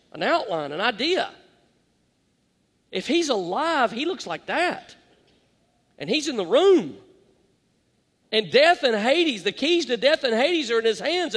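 A man preaching a sermon as pastor, dramatic and shifting between loud and hushed. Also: very high voice. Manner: dramatic, varies loud and soft, quotes scripture. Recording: long hall reverb.

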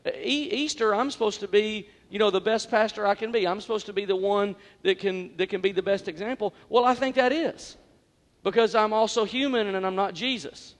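A man delivering a sermon in a church, his voice pitched high for a man. He speaks in a heartfelt, conversational way, often repeating himself and restarting sentences. A long hall reverb trails after his words. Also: brisk. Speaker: pastor. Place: church sanctuary.

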